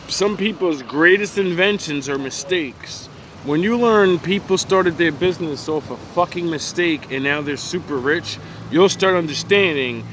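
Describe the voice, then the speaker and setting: A man's voice: on the high side, fairly bright tone, poor audio. Blunt man preaching over background noise. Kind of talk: casual chat.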